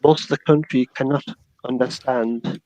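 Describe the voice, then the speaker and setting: A man's voice: mid-range voice, fairly even intonation, normal speed, mellow, no echo, poor audio. A man with a Geordie accent from North East England chatting casually, hesitant and full of restarts. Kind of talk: casual chat.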